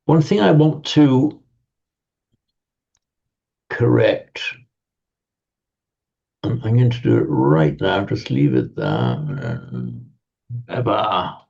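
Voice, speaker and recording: A man teaching a Sanskrit class over a video call, explaining slowly with frequent stammered restarts and reciting verses. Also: on the low side, sing-song, creaky, warm tone, slightly rough, highs cut off.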